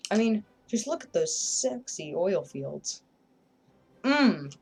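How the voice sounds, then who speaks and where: A woman's voice: on the low side, big pitch swings, takes it slowly, a little mellow, slight background noise. A woman giving casual, rambling gameplay commentary, joking and self-deprecating as she plays. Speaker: gameplay video creator.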